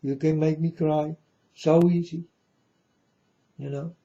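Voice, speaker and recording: A man's voice: fairly high pitch, flat delivery, takes it slowly, dark tone, highs cut off. Earnest man warning his folks. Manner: repetitive, earnest, addresses listeners as folks. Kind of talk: rambling spoken warning to viewers.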